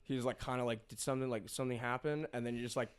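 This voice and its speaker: A man's voice: mid-range voice, steady tone, very fast, clean tone. Young man rambling through a funny story. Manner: rambling storytelling full of fillers and laughs. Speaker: podcast co-host. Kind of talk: casual chat.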